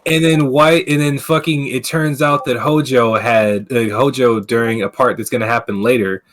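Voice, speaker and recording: A man's voice: mid-range voice, fairly even intonation, moderate pace. A man hosting a casual gaming podcast, ranting with plenty of swearing and filler words. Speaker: podcast host. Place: streaming setup.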